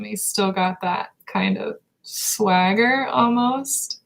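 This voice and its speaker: A woman gives a live spiritual reading in a gravelly, fry-laden voice. She talks slowly and meditatively, and her pitch stays level and even. She halts often and reaches for words between pauses. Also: poor audio. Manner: slow, meditative, halting with pauses and fillers. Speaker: intuitive reader.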